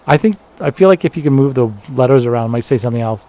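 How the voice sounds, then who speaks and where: A man's voice: mid-range voice, expressive, racing, warm tone. A Canadian man giving rambling, laugh-filled commentary while playing a video game. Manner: rambling, self-deprecating, laughs often. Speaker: gameplay commentator. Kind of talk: casual let's-play commentary.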